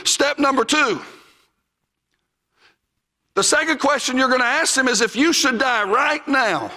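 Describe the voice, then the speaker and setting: A man's voice: very high voice, sharp tone, in a large hall. A man with a Southern US accent, teaching evangelism in a church in a folksy, emphatic sermon style, now and then raising his voice. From Southern United States.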